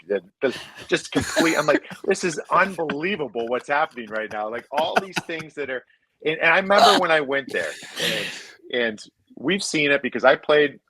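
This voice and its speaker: A man's voice: medium pitch, poor audio. A man in his thirties or forties, a former hockey player and podcast guest, telling stories casually, swearing freely, and quoting others in shifting voices. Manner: animated, profane, quotes others in shifting voices. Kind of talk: casual storytelling.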